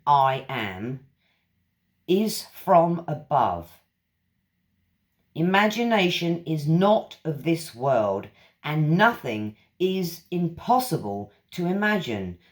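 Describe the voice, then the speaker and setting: A woman's voice: low-pitched, very animated, slow. A woman hosting a channel, reading lecture passages aloud and stopping to reflect on them. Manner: reflective, stops to comment between quoted passages.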